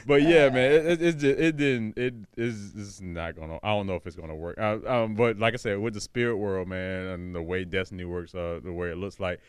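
A man's voice: fairly low pitch, brisk, hardly any pauses, smooth, no echo, studio quality. A man chatting casually on a podcast, telling rambling, profane stories with laughs. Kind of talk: casual chat.

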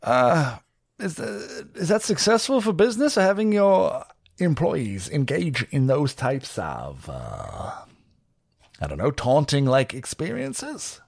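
Proud armored warrior, stiff and formal, pitch swinging widely, as a man plays him; dry sound. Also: huge pitch swings, takes it slowly, vocal fry, darkish tone, slightly rough, dry recording, heavily acted.

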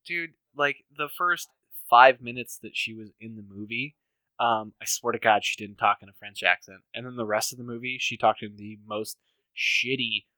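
A man rambles through a loose, beer-fueled movie chat, swearing freely and breaking into laughter. His voice is bright and close, with a dry sound and no room around it. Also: medium pitch, normal speed, dry recording. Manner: profane, laughing, rambling with fillers. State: drinking beer. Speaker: podcast co-host. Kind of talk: casual chat, movie talk.

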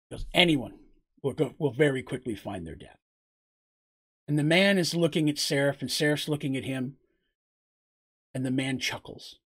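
A man narrating a tabletop game as game master, in a loose, rambling way. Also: fairly high pitch.

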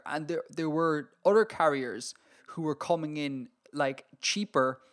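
An Irish man chatting on a podcast with a slightly high voice. He rants in an animated way, trips over his words and laughs as he goes. It sounds like casual talk between friends. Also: moderate pace. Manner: animated, ranting, laughs often. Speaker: podcast co-host. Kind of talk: casual chat.

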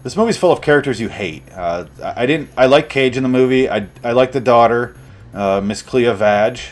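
A young man ranting through a comedic movie review, sarcastic, deadpan and full of swearing. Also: mid-range voice, brisk, faint music behind.

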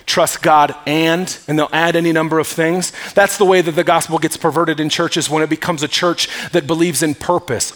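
A man's voice: fairly high pitch, fairly even intonation, moderate pace, few pauses, a bit bright. A male pastor preaching a sermon in an emphatic way, calling on the congregation to respond. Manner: emphatic, calls for audience response. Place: church.

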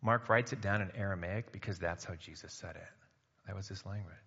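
Male preacher, conversational sermon with loud emphatic bursts; dull recording in an echoing hall. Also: low-pitched, brisk, breathy edge. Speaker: pastor. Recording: muffled sound in a reverberant hall.

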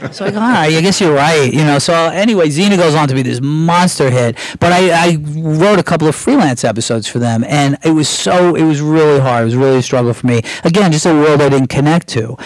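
A man's voice: a little high, fairly quick, hardly any pauses, no room sound, low-quality recording. A middle-aged American man, a guest screenwriter, casually telling anecdotes with lots of restarts and acted-out quotes.

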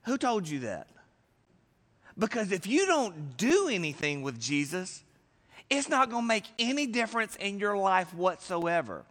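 A man preaching a sermon as pastor, animated and conversational, acting out little voices with big swings in loudness. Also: high-pitched, moderate pace, long reverb tail.

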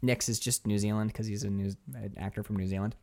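A woman co-hosting a podcast in casual chat, animated, laughing often and mimicking voices. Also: extremely low pitch, quick pace. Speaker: podcast co-host.

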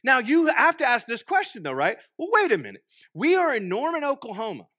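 A young man from Texas with a Texan accent preaching a sermon, joking and swinging between loud bursts and hushed asides. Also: very high voice, huge pitch swings, brisk, husky, dry recording, studio quality. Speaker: pastor. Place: church.

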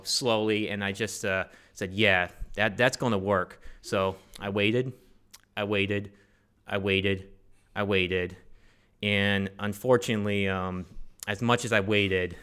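A man's voice: medium pitch, pushed and bright, clean tone. A man telling a personal story to a live audience, rambling and joking with many fillers and restarts. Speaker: storyteller on stage.

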